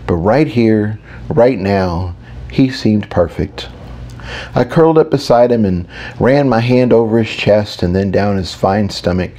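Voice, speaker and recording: A man narrating a first-person audiobook. His voice is low and mellow, with a warm, soft edge. He reads in an intimate, reflective storytelling manner. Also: lively intonation, measured pace.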